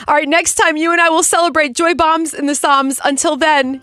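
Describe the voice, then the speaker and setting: A woman's voice: high-pitched, little pitch movement, normal speed, few pauses, music in the background. A woman hosting a devotional podcast, reading Bible passages and teaching in an earnest, exclaiming way, speaking straight to the listener.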